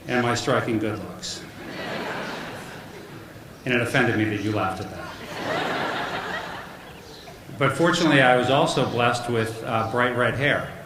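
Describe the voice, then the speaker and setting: A man's voice: medium pitch, a bit bright. A middle-aged man giving a commencement speech, telling jokey, self-deprecating family stories at a podium mic. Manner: joking storyteller, self-deprecating. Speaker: commencement speaker. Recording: echoey hall with background noise.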